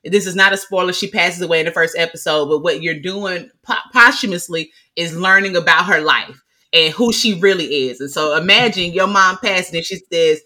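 Bright, animated woman co-hosting a podcast. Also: on the low side, fairly quick. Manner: animated, swearing, loud exclamations. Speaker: podcast co-host. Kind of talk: casual chat.

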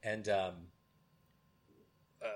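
A man's voice: on the low side, steady tone, very slow, gravelly. A man co-hosting a podcast in casual chat, rambling with many fillers and animatedly retelling movie scenes. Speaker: podcast co-host.

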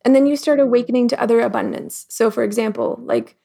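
A woman guest in a casual interview, talking reflectively with lots of "like" fillers and acting out the thoughts she quotes in lively voices. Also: a little high, fast talker, gravelly. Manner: frequent "like" fillers. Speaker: podcast guest.

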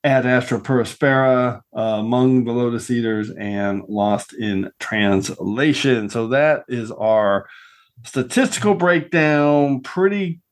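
A man's voice: medium pitch, slow pace. Enthusiastic man hosting a podcast. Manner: enthusiastic, recaps picks and stats. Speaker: podcast host. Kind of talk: casual panel chat.

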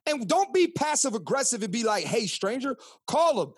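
A man's voice: extremely high pitch, moderate pace, husky, no echo, studio quality. A man in his thirties from Philadelphia, co-hosting a podcast in loose, profane, preachy chat. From Philadelphia, Pennsylvania. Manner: animated, profane, preachy ranting. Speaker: podcast co-host. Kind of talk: casual chat.

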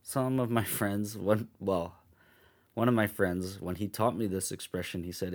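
A man hosting a podcast, giving a spoken language lesson and patiently repeating each phrase slowly several times. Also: deep voice, steady tone. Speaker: podcast host teaching travel phrases.

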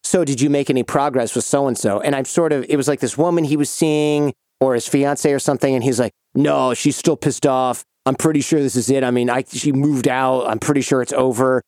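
A man hosts a podcast, recounting a funny story in a lively voice, laughing as he goes. His voice sits in the middle range and the studio recording is dry and close, with no room sound. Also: medium pitch, a little fast, hardly any pauses, dry recording. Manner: animated, laughing while telling a story. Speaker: podcast host. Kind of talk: casual storytelling chat.

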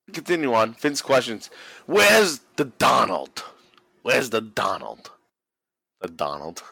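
A man's voice: medium pitch, fairly bright tone, no echo, low-quality recording. A man hosting a casual podcast chat, telling a story with lots of swearing and laughter. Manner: mimics people he quotes. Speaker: podcast host. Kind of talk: casual chat recapping wrestling.

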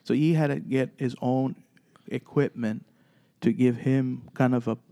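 A man with a warm, mellow voice tells stories from his paranormal investigation group in a chat. He stumbles through fillers and restarts, then slips into the voices of the people in his story. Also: medium pitch, fairly even intonation. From Texas. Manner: halting, many fillers and restarts, acts out dialogue.

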